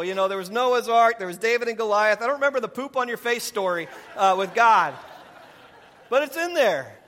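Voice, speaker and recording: High, bright-voiced preacher in a hall. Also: male voice, moderate pace. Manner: animated, voices God in conversational quips. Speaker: pastor. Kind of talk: sermon. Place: church sanctuary. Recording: long reverb of a large hall.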